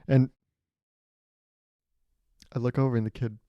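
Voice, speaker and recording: A man's voice: medium pitch, little pitch movement, measured pace, no echo, highs cut off. A young man hosting a solo podcast, telling rambling stories with a sarcastic edge. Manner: rambling and sarcastic, acts out loud voices. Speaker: podcast host. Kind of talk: solo comedic storytelling.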